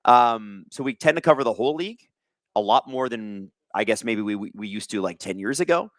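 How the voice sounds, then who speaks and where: A man in his thirties from Canada runs a casual live hockey stream, mixing play calls with jokes and chat shout-outs. His voice is bright and forward, swinging widely in pitch. The sound is dry and close, with little room around it. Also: brisk, dry recording. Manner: jokey, reads chat aloud, bursts of excitement. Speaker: host of a live hockey watch-along stream.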